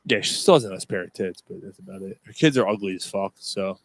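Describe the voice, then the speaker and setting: A man's voice: low voice, fast, no room sound. A man hosting a podcast, telling a rowdy story in casual chat, swearing constantly and laughing as he goes. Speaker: podcast host.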